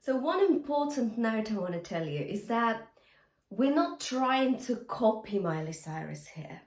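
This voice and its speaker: Slow-talking vocal coach, roomy sound. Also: female voice, a little high. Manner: encouraging, chatty teacher who breaks into song. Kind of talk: singing lesson with sung demonstrations. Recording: roomy sound with faint guitar music.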